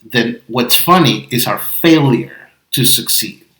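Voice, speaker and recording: This man, whose first language is not English, co-hosts an improv podcast and works through his thoughts earnestly, with a few restarts. He speaks slowly in a medium pitch with lively intonation and a fairly bright tone, and the casual discussion echoes in the room.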